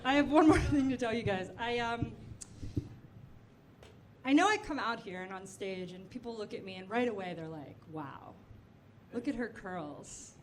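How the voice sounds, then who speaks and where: Stand-up comic, woman, high and lively voice, quick crowd asides, noisy live club tape. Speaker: stand-up comedian. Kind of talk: stand-up comedy set. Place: comedy club stage. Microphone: handheld stage mic.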